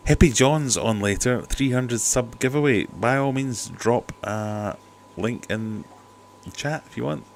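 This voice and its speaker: Over a cheap desk mic at home, a man runs a casual aquarium livestream, chatty and skeptical and tossing in jokey asides. His medium-pitched voice is unhurried with vocal fry and few pauses, and there's slight background noise.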